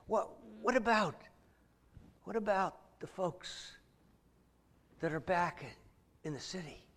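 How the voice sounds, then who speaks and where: A middle-aged man preaching a sermon, telling a story vividly with frequent word repeats. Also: high-pitched. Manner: vivid storytelling, repeats words, acts out voices.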